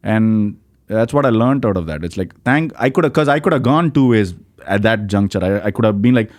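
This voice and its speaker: A man's voice: lowish voice, expressive, fairly quick, darkish tone, dry recording, clean studio sound. A man from India with an Indian accent, a stand-up comedian telling stories as a podcast guest in a rambling, casual way full of "like, you know". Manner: rambling, filler-heavy, with lots of "like, you know". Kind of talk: casual storytelling chat.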